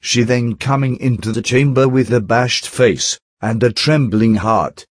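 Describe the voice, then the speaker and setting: A man giving a steady, measured narrated reading of an old text, reading out the speaker tags. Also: medium pitch, dry recording, studio quality. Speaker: audiobook reader.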